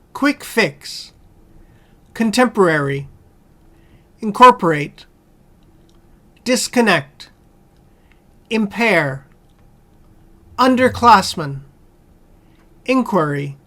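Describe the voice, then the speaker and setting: Woman, very slow pace, measured word-by-word reading, vocabulary list. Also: mid-range voice, lively intonation, a bit bright. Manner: slow, measured, one word at a time with long pauses. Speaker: vocabulary reader.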